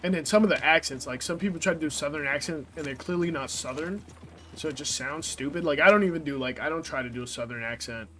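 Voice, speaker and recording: Casting: young male streamer, slightly high voice, loose profane rambling over faint game music. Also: fast, bright, forceful tone. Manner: rambling, profane, lots of "like" fillers. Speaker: gameplay streamer. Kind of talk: casual chat while playing.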